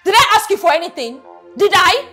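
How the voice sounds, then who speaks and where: A woman's voice: very high-pitched, big pitch swings, a little fast, pushed and bright, reverberant, soft background music, heavily acted. An actress playing a scornful, sarcastic young woman with a Nigerian accent, scolding her idle boyfriend.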